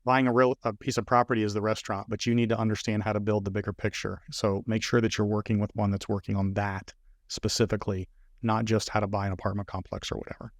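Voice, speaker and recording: A man's voice: fairly low pitch, fast talker, no echo, studio quality. An older man, a business consultant, telling stories in a podcast interview and acting out the dialogue as he goes. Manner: animated storyteller acting out dialogue.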